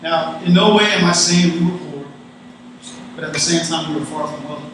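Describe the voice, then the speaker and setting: Folksy man in an echoey hall. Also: fairly high pitch. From North Carolina. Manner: casual, folksy, addresses audience directly. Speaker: guest speaker. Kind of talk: graduation speech. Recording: echoey hall, distant mic, noisy.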